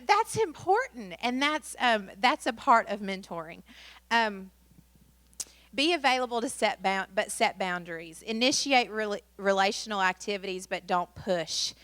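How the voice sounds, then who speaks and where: A woman's voice: medium pitch, a bit bright, no room sound. Woman leading a training session, casual and chatty, dry sound. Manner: chatty, many fillers, acts out quotes in story. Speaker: workshop presenter. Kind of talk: training workshop talk.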